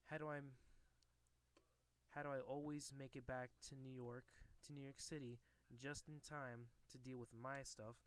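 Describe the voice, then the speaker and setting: A man's voice: mid-range voice, moderate pace, close to an everyday voice. A man reading a tired, wisecracking young male superhero's lines from a comic, plainly and barely acted. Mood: wry. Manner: flat read-out dialogue, barely acted.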